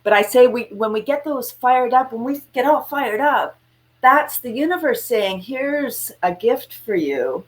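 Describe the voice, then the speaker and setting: A woman's voice: high-pitched, moderate pace. A woman, a guest entrepreneur talking over a video call, telling stories animatedly and acting out quotes. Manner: animated storyteller, acts out quotes with laughs. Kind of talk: casual interview chat.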